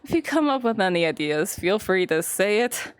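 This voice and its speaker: A woman's voice: medium pitch, big pitch swings, normal speed, smooth, dry recording. A young woman streamer in casual live-stream chat, rambling, giggling often and swearing freely.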